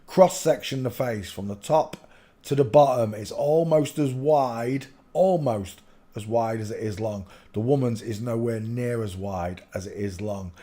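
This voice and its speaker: A man hosts a livestream from a room at home in a loose, rambling way. He breaks into sudden loud outbursts between stretches of plain talk. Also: mid-range voice, a little slow. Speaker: livestream host.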